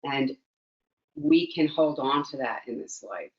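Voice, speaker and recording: A woman's voice: extremely low pitch, expressive, a little slow, lo-fi sound. A woman mindfulness teacher, a guest in a conversational interview, speaking earnestly and reflectively and repeating phrases for emphasis.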